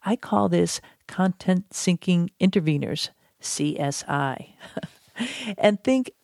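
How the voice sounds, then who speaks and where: Woman with a low, mellow, dry voice. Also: expressive, slow, creaky, no room sound. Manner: playful, chatty, speaks straight to the listener. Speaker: conflict management teacher. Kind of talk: instructional audiobook narration.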